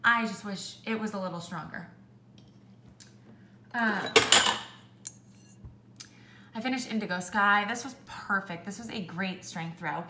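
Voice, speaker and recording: A young woman chatting casually through a product review, with lots of "like" and an animated way of telling stories. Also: medium pitch, unhurried, pauses often, very noisy. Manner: chatty, heavy use of "like", animated when ranting. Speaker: beauty vlogger. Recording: echoey room.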